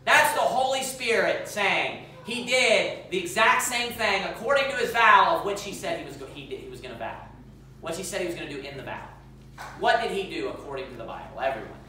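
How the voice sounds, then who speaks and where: A man's voice: high voice, expressive, brisk, bright, forceful tone, slight background noise. A man preaching as a pastor, reading scripture aloud and putting questions to the congregation in an emphatic way. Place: church sanctuary. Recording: echoey church hall, mic far off.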